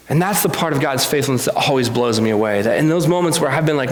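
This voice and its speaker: A man's voice: medium pitch, lively intonation, fast talker, few pauses, echoey room. A man preaching a conversational sermon in a church, earnest and confessional, often restarting his sentences.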